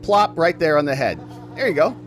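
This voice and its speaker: Here a man with a slightly high voice talks a little fast while hosting a casual commentary show. He's a lawyer commentator who reacts to clips in an animated, chatty way, tossing in jokey asides.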